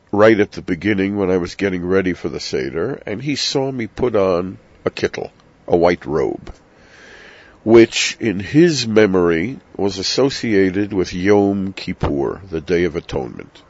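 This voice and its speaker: Older man with a very deep voice. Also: animated, measured pace, no echo. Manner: warm storytelling with dry self-deprecating asides. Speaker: rabbi teaching about the Seder. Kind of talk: reflective spoken teaching. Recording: dull lo-fi sound.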